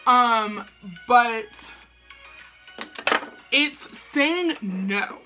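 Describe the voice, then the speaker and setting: A woman's voice: on the high side, animated, drawn-out words, music in the background. A young woman chatting casually to camera at home as she does her makeup, slangy and full of "like". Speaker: beauty vlogger.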